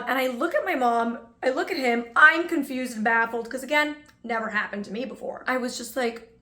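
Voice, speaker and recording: A woman's voice: high-pitched, brisk, pushed and bright, reverberant. A young woman vlogger telling a personal story in a casual, chatty way, full of asides to her viewers.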